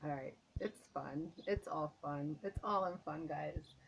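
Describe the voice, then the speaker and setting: A woman's low voice, measured in pace and touched with vocal fry, carries a casual to-camera chat from her home. She gushes and repeats herself, a little out of breath, and the poor audio has a faint hiss or hum.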